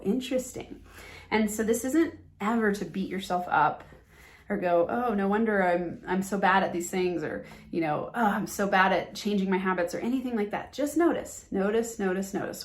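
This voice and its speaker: A woman hosting a motivational business podcast, talking earnestly and with emphasis, and acting out the phrases she wants listeners to drop. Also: medium pitch. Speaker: podcast host and business coach.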